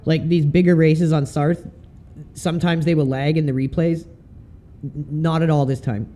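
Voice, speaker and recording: This easygoing, chatty Canadian walks viewers through his sim racing replay live, swearing offhandedly. His tone is warm and mellow, a bit higher than typical for a man, and his pace is moderate.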